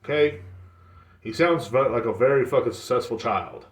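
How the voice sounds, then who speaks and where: A man talking through his own podcast, swearing and rambling as he tells a story with lots of energy. His voice sits at a middle pitch. The room around him sounds echoey. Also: normal speed. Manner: profane, rambling, animated storytelling. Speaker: podcast host. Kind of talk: casual solo podcast rant.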